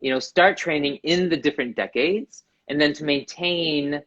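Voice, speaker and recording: A middle-aged man co-hosting a casual live-stream chat, speaking haltingly with many fillers and restarts. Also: fairly high pitch, a bit bright, dull audio. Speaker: co-host, contortionist. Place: home, Tel Aviv. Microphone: live video stream.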